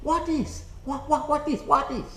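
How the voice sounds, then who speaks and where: A man's voice: extremely high pitch, steady tone, moderate pace, bright, forceful tone, voice pushed up, heavily acted. A man putting on a frustrated middle-aged woman with a Chinese accent, asking the same broken-English question over and over. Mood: puzzled. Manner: insistent, repetitive questioning. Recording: roomy echo.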